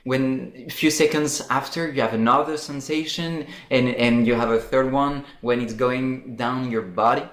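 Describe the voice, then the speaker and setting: A man's voice: medium pitch, steady tone, normal speed, few pauses, roomy sound. A man from France speaking English with a French accent, a podcast guest talking expressively and searching for words. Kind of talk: casual interview talk.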